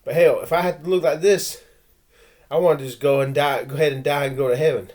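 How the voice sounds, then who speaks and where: A man's voice: on the high side, steady tone, quick pace, a little mellow. A man vlogging a rambling personal rant, stammering and restarting, growing heated and blunt. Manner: stammering, with frequent restarts and repeated words; intense and heated, with blunt threats.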